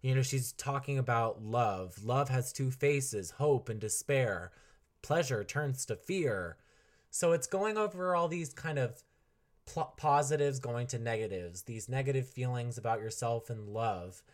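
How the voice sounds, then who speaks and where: A man's voice: medium pitch, expressive, unhurried. A young man hosting a music podcast, talking casually and enthusiastically with lots of fillers and laughs. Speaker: podcast host reviewing an album. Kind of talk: casual solo podcast talk.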